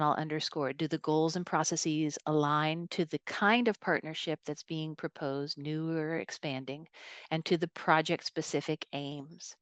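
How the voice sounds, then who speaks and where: A woman program officer giving a webinar presentation, speaking in a measured, thoughtful way with frequent fillers. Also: deep voice, clear, resonant tone, dry recording.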